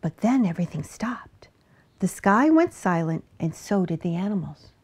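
A woman reading a children's picture book aloud with an expressive, animated delivery. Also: fairly low pitch, moderate pace, slightly rough. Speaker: storybook reader. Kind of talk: children's story read-aloud.

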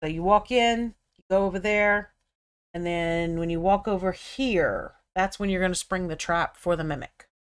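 Smooth-voiced chatty American woman streamer. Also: lowish voice, moderate pace. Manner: chatty, laughs easily, thinks aloud. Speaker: miniature painting stream host. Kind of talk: casual live-stream chat.

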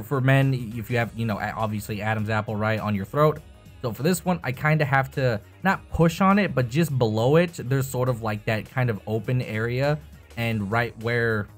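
A young man talking casually about voice acting with a voice changer, rambling and swearing. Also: medium pitch. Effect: voice changer tests. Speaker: YouTuber. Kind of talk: casual tutorial chat.

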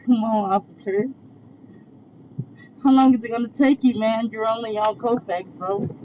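A woman's voice: fairly high pitch, fairly even intonation, normal speed, phone-quality sound, slight background noise. A young woman in pain, crying and begging over and over from the back of a moving police car. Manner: begging, repeating herself. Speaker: detained woman.

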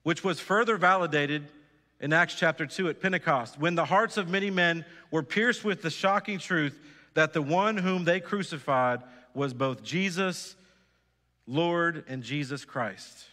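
A male pastor delivers a sermon with a bright, forceful voice pitched a little high. He is earnest, repeating phrases and asking his congregation direct questions. The sound rings with the long reverb of a church hall. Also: unhurried. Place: church sanctuary.

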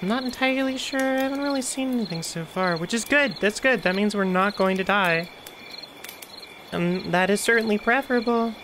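A woman's voice: mid-range voice, a little fast, background noise. A woman giving let's play commentary on a horror game, chatty and jumpy with frequent laughter. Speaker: gaming streamer.

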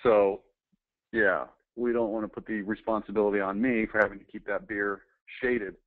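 A man's voice: fairly low pitch, fairly even intonation, moderate pace. A man giving casual commentary while reading aloud, talking in an offhand way with hesitant fillers. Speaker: presenter reviewing old ads. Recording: dry, tinny phone-like sound.

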